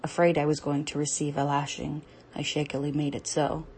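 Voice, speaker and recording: A young woman performing an intimate audio role-play, reading a story aloud in a halting, breathy voice that often drops to a whisper. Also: deep voice, flat delivery, darkish tone, a little hiss or hum.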